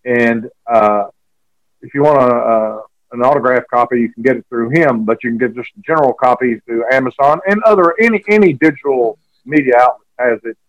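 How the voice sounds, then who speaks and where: A man rambles through a storytelling anecdote in an interview, his words full of fillers and restarts. The recording is dry and slightly dull, like lo-fi audio. His pitch sits in an ordinary middle range. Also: fairly quick, no echo. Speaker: author and guest.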